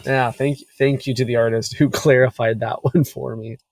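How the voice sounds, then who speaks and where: A young man co-hosting a comedy podcast, telling stories in a wry, deadpan way with frequent laughs. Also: medium pitch, normal speed, creaky, no room sound. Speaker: podcast co-host. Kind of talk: casual comedic chat.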